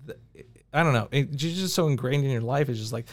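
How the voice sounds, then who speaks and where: A man of middle pitch telling a story in a podcast interview, animated and quick to laugh. His voice sits close and dry on the mic, with no room sound around it. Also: no room sound. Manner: animated anecdotes with frequent laughs. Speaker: podcast guest.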